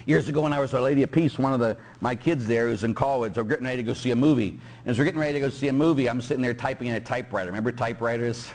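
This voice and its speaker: A man's voice: medium pitch, racing, few pauses, darkish tone. A middle-aged man from Pittsburgh, a Catholic priest preaching a sermon and joking with his congregation.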